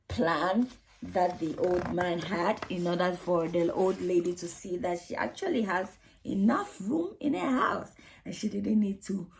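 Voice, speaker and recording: A woman's voice: fairly low pitch, creaky. A woman who hosts her own channel, explaining storytime techniques to early years practitioners and often ending with "isn't it?". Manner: explanatory, asks tag questions.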